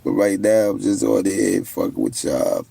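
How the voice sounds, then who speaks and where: A young man talks loosely to his viewers on a casual livestream, boasting and trash-talking. His voice is low, dark and gravelly, with a husky, rough edge. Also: sing-song, normal speed. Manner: brash, boastful trash talk. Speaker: livestream host.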